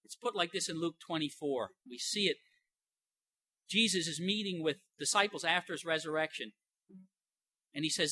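Older male pastor, folksy sermon delivery, bright tense tone, dry close sound. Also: fairly high pitch, normal speed, long pauses, no echo. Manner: conversational, folksy, with many restarts.

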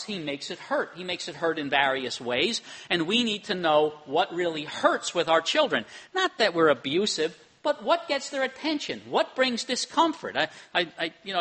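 Bright high-voiced male preacher. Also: breathy edge. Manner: conversational preaching with rhetorical tag questions. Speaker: pastor. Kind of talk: sermon.

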